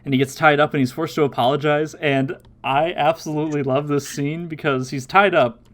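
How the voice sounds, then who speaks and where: A man hosting a casual watchalong podcast, recapping episodes with lively, chatty energy. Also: on the high side. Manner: animated recapping with quick put-on quotes and laughs. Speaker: podcast host.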